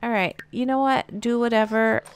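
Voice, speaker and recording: A woman's voice: a little high, steady tone, moderate pace, clean tone. A woman giving casual gameplay commentary, chatting to her game characters with plenty of fillers. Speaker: gameplay streamer.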